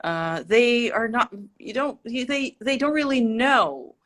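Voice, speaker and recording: A woman's voice: a little high, animated, slow pace, fairly bright tone. A woman from Russia, a native Russian speaker with a near-American accent, chatting as a livestream guest and explaining with examples. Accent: near-American English, Russian-born. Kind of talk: casual livestream interview.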